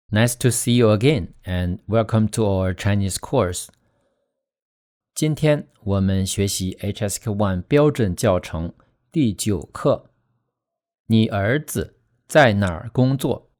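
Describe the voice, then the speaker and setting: A man teaching Chinese pronunciation in a scripted lesson, slowly demonstrating tones with stressed example words. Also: lowish voice, a little mellow. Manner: slow, deliberate, demonstrating tones with stressed syllables.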